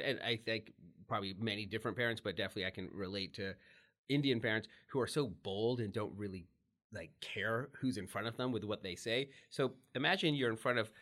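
A middle-aged American man, a guest telling candid personal stories in an animated way, laughing often and restarting his sentences. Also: fairly low pitch. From United States.

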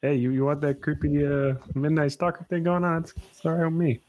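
A man's voice: fairly high pitch, fairly even intonation, brisk, a little mellow, lo-fi sound. A man casually chatting and teasing his co-hosts on a podcast, laughing often. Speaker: podcast co-host. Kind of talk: casual chat.

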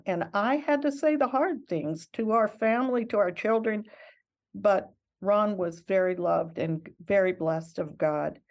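Older lady missionary sharing her story, heartfelt and reflective, middle pitch. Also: a little mellow. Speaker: missionary guest. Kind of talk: interview storytelling.

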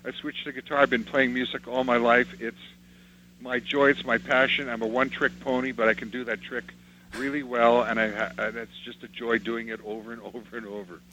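The speaker is an older man from Canada, a musician guest sharing life stories in an interview, imitating the people he quotes as he reminisces. His mid-range voice has a sharp tone and flat delivery and runs a little fast. The audio is slightly dull, with a faint hum.

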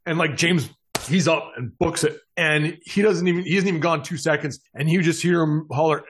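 A man's voice: on the high side, breathy edge. A man narrating as game master in a casual tabletop session, loose and a bit profane. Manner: casual, swearing, quick asides.

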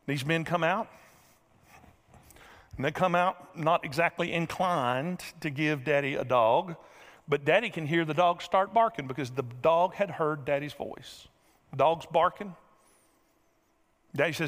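A middle-aged man preaching a sermon, telling a folksy story and acting out the scenes with lively energy. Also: on the high side, measured pace, pauses often. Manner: folksy, animated storyteller who acts out scenes. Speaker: pastor. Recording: reverberant large hall.

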